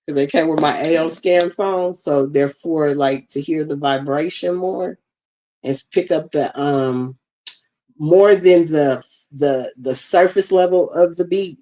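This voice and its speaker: Live stream host talking to the chat, lots of y'all, flustered by the tablet, middle pitch. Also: unhurried, a little mellow, rough recording. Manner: chatty, talks straight to the chat, flustered by tech trouble; uses plenty of y'all and ain't. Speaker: livestream host teaching a class. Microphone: tablet with bone-conduction headphones.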